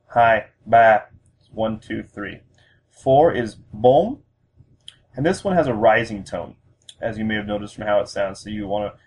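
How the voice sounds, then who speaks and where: A man giving a patient spoken language lesson, pausing often with fillers as he explains. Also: on the low side, husky. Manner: patient, with frequent fillers and restarts. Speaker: language teacher. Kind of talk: instructional lesson.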